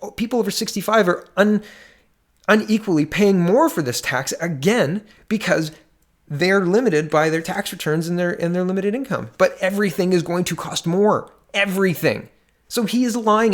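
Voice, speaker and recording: Canadian guy ranting about politics, kinda high voice, sarcastic and fired up. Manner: indignant, sarcastic, fast-shifting emphasis. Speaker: political commentator. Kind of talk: ranting commentary reading articles.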